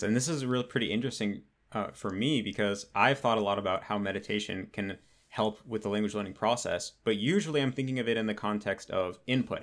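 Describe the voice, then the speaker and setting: A man's voice: fairly low pitch, fairly bright tone. A man hosting an interview, replying with fluent, reflective thoughts. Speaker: podcast host. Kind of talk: conversational interview.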